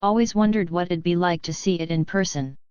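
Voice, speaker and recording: A woman voicing a roguish man with a deep, lazy drawl in a storybook reading, with a dry, slightly dull recording. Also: steady tone, fairly quick, darkish tone, smooth, dry recording, natural voice. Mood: amused.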